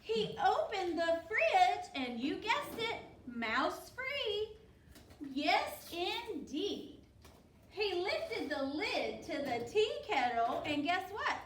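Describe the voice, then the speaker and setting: High-voiced, slow-talking woman teacher. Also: sing-song, a bit bright, slight background noise. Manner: encouraging, asks pupils questions by name. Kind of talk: reading a picture book to children. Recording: roomy, distant mic.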